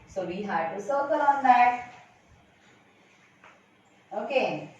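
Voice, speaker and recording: A woman with an Indian English accent teaches phonics to small children, speaking slowly with a bright, lively lilt. She sits back from the microphone, and the recording sounds dull and very echoey. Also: on the high side, distant mic. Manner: slow, coaxing teacher talk that asks and answers its own questions. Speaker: kindergarten teacher. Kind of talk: online phonics lesson for young children.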